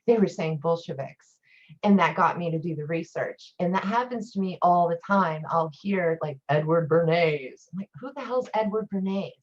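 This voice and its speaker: A woman's voice: fairly low pitch, normal speed. A woman talking as a guest teacher in a casual chat, telling rambling stories. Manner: chatty, rambling storyteller. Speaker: guest teacher, occult priestess. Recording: dull lo-fi recording.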